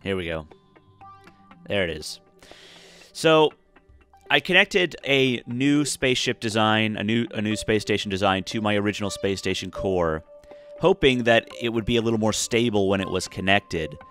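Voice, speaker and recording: This casual let's-play of a space game comes from a weary commentator who yawns, rambles, and keeps restarting amid lots of filler words. His pitch is fairly low and a bit bright, and his pace is normal. There's faint music behind him.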